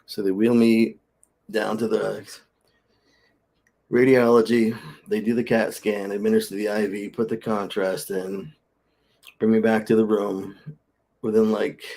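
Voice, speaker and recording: A man's voice: lowish voice, flat delivery, measured pace, creaky, long pauses, a little mellow. A middle-aged man telling a story casually to camera, blunt and candid, mixing in quoted dialogue and the odd swear word. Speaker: vlogger.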